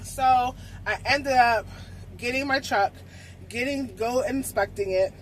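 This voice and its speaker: A young adult woman truck driver telling a casual storytime vlog, swearing freely and acting out conversations in lively voices. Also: on the high side, slow pace, slight background noise, rough recording. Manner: animated, swearing, acts out conversations.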